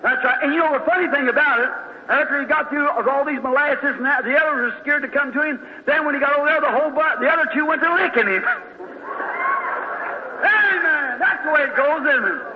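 A man's voice: extremely high pitch, fast talker, slight background noise. A man, preaching in a folksy storytelling way with fervent bursts. The sound is dull, and his voice rings in a large hall. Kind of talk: sermon.

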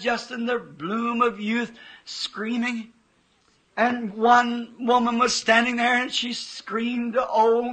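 This male preacher's voice is very high and bright as he gives a fervent, heartfelt sermon. He moves at a slow pace, lingering over his testimony and performing the voices he heard in his vision. The recording quality is low.

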